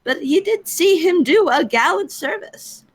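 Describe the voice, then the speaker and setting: A woman's voice: extremely high pitch, animated, unhurried, voice pushed up. A woman reading a long-winded, earnest army captain in a casual live-streamed Shakespeare reading, lecturing in a wordy, fussy way.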